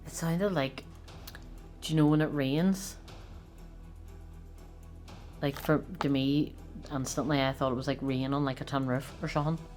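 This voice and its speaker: A woman on a ghost hunt, talking in a hushed, nervous way in an old castle room at night. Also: extremely low pitch, fairly even intonation, a little slow, pauses often, soft background music. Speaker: paranormal investigator. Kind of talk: casual ghost-hunt chat.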